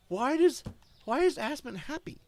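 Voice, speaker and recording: A male streamer ranting defiantly to his chat, swinging between loud outbursts and low muttering. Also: sing-song, takes it slowly. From German. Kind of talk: casual stream rant.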